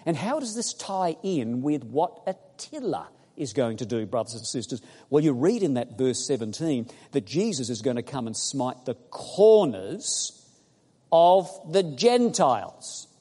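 A man preaching a sermon, emphatic and building to loud exclamations as he addresses the congregation. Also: fairly high pitch, husky. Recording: long hall reverb.

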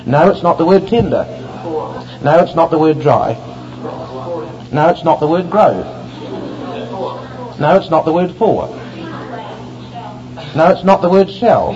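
A man's voice: fairly high pitch, sing-song, a little slow, pauses often, a little mellow. A man preaching a sermon, expounding scripture and asking the congregation rhetorical questions. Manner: expository Bible teaching, rhetorical questions to the congregation. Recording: dull lo-fi recording with faint ambient noise.

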